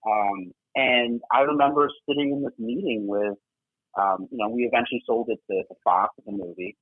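A man's voice: mid-range voice, moderate pace, husky, dry recording. A man telling a story casually as a guest, swearing and filling his talk with fillers. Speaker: guest, former double agent. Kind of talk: animated storytelling. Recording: tinny phone-like line.

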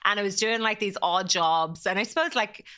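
A podcast guest from Ireland, a woman in her thirties, talks at a moderate pace in a medium-pitched voice that is bright and forceful. The interview is casual and rambling, heavy on "like," and she shows her emotions openly.

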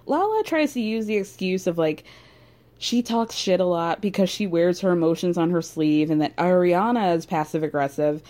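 A woman's voice: on the low side, normal speed, warm tone. A young woman casually recapping a reality TV episode with chatty, sarcastic asides.

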